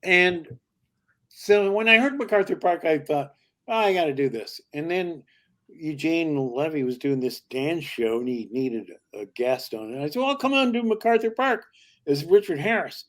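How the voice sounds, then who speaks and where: An older male comedian as a podcast guest, telling long showbiz stories in a lively way and slipping into character voices. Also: fairly high pitch, normal speed. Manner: lively raconteur who slips into character voices. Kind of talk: anecdotal storytelling.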